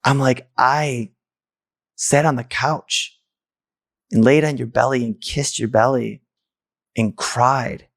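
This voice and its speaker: A man's voice: mid-range voice, fairly even intonation, slow pace, gravelly, pauses often. Man telling a painful personal story. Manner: candid, emotional, with restarts and stammers. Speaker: podcast host.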